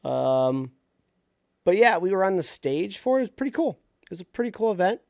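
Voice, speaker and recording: A man's voice: high-pitched, sing-song, a little fast, vocal fry, dry recording, studio quality. A man co-hosting a casual wrestling podcast, rambling loosely and laughing easily. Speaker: podcast co-host.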